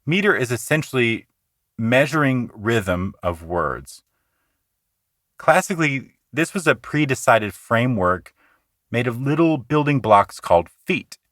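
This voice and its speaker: A man hosting a poetry podcast, explaining meter in an earnest, conversational teaching manner that shifts between quick asides and slow, deliberate reading. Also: medium pitch, very animated, fairly bright tone, dry recording, clean studio sound. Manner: earnest, explanatory, slows down to recite lines rhythmically.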